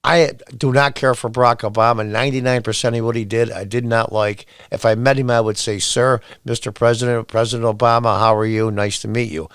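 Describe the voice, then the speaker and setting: A podcast host delivers a commentary monologue with a blunt, exasperated, heavily sarcastic edge, reading quotes aloud and then ranting back at them. His mid-range voice is steady, fairly bright, and clean, moving briskly with hardly any pauses. The recording is dry and close, with little room around it.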